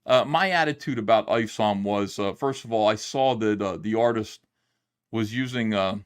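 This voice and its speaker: A middle-aged comic book creator with a fairly low, clean-toned voice and moderate pace tells a long story in a casual livestream monologue. His retelling rambles and is animated, with the quotes acted out.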